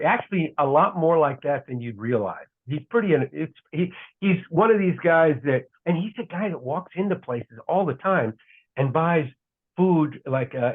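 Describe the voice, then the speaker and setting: A middle-aged man, a guest broadcaster, telling casual rambling stories on a podcast and correcting himself as he goes. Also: fairly high pitch. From United States. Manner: rambling, self-correcting anecdotes. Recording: tinny phone-like line.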